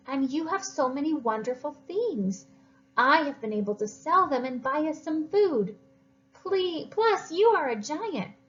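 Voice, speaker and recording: A woman's voice: high-pitched, muffled recording, pitched above the performer's own voice. A woman voicing a poor, hungry little boy who apologizes sheepishly and pleads.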